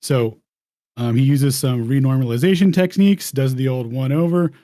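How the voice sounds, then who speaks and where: A man's voice: mid-range voice, moderate pace, warm tone, dry recording, studio quality. A man hosting a round table, talking casually and slangily over slides, rambling and restarting phrases. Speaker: host.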